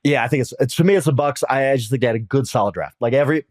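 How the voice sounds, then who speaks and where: A man who writes about sports, chatting on a podcast in a measured, conversational way with frequent restarts. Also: mid-range voice, no echo, studio quality. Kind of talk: casual sports podcast chat.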